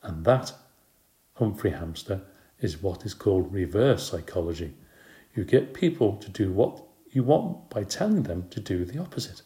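A man voicing a calm, clever young woman babysitter who talks in a breezy, teasing way, in a storybook reading. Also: low-pitched, normal speed, echoey room.

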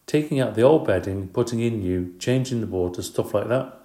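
A man voicing Miranda, a kind, patient girl who speaks gently and earnestly, in an audiobook. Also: on the low side, brisk, roomy sound, close to an everyday voice. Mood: matter-of-fact. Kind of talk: audiobook character voice.

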